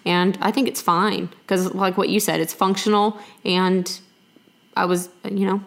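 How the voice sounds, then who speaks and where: A woman's voice: mid-range voice, little pitch movement, unhurried. Chatty friendly woman co-host. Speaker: podcast co-host. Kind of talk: casual chat.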